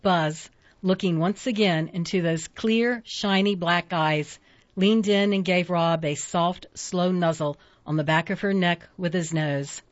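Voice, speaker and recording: A woman narrating a storybook at a steady pace, giving each character its own voice. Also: lowish voice, measured pace, dry recording. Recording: dull lo-fi dry recording.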